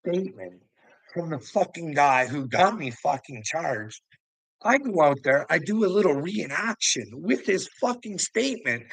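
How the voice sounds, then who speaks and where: A man's voice: on the high side, gravelly, fairly bright tone, no echo, low-quality recording. A man telling a heated personal story, swearing and laughing often, with stumbling restarts. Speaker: vlogger.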